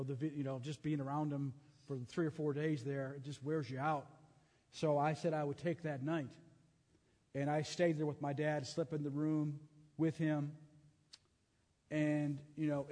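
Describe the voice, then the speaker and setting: A middle-aged male preacher shares a personal testimony in an earnest, halting way, restarting his sentences often. His voice sits a little high for a man. The sound carries a long reverb from a large hall. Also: mellow. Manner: earnest storytelling with many restarts. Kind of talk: sermon testimony.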